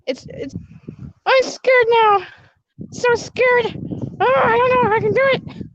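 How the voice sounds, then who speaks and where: A high, wildly swooping girlish voice of a timid yet sassy princess mascot, put on by a woman for a comic skit. She squeals, whimpers and apologizes in a rush. The recording is close and dry. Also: lively intonation, measured pace, dry recording, lo-fi sound. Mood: nervous. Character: nervous, sassy young princess mascot, female. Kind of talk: comedic skit with a put-on character.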